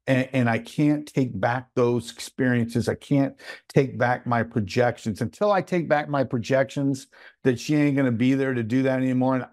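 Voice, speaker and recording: A man's voice: medium pitch, a little mellow, dry recording. Guy chatting on a podcast, telling stories, dry close sound. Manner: storytelling, with repeated "right?" check-ins. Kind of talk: casual podcast conversation.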